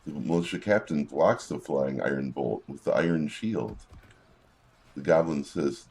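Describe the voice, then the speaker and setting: A man with an extremely deep, husky voice talks through a video game in a relaxed, casual way. He reads the in-game combat reports aloud and drops wry little asides between them. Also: measured pace. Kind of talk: casual gameplay commentary.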